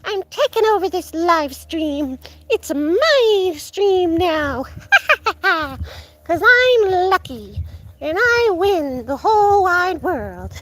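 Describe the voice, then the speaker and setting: A woman's voice: extremely high pitch, big pitch swings, slow pace, fairly bright tone, pitched above the performer's own voice, exaggerated voice. A woman playing a cackling evil cat. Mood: gloating. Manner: cackling, gloating. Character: evil scheming male cat villain.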